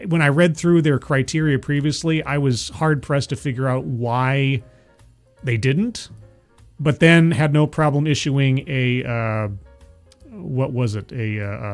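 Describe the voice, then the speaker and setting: A man hosting a political commentary livestream, sardonic and rambling, full of fillers and restarts, who reads viewer chat aloud. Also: a little high. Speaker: livestream host.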